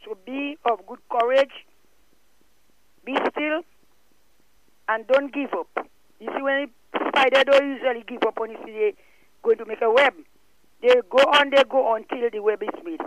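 A woman's voice: fairly high pitch, steady tone, moderate pace, pauses often, very noisy. A woman calling in by phone to offer fervent scripture-based encouragement. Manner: fervent, exhorting. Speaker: caller. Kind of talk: preaching encouragement. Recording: phone call on radio with music.

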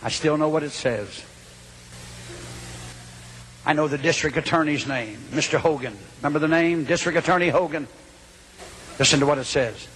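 High, bright-voiced preacher shouting to his congregation. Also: normal speed, pauses often, slight background noise. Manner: dramatic storytelling, rising to shouts. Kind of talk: Pentecostal revival sermon. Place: church or hall before a congregation.

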